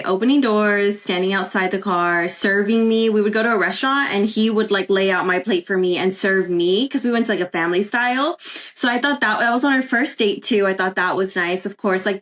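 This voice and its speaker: A woman with a Texan accent, a guest on a podcast, talking casually with many "um"s and "like"s. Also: mid-range voice. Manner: chatty, many fillers like "um" and "like". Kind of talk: casual chat.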